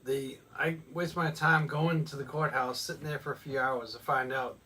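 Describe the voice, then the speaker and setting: A woman's voice: rumbling low, fairly even intonation, normal speed, bright, forceful tone, slightly rough. A woman co-hosting a podcast, chiming in with jokes and laughs in casual chat. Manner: joking interjections, laughs often. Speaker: podcast co-host.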